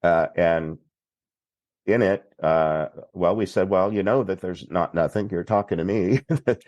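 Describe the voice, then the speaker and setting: A man from Texas, a priest guest on a podcast, telling a story in an unhurried, plainspoken way. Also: deep voice, a little mellow, no room sound, lo-fi sound. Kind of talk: recounting a story in conversation.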